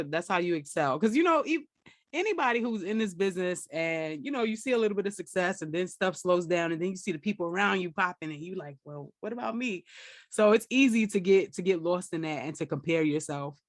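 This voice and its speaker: A young woman with a New York accent, chatting as a podcast host. Her pitch swings widely as she tells stories at a quick clip, full of slang and laughter. The sound is close and dry. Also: no echo. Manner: animated storytelling, laughs often, slangy. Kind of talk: casual interview chat.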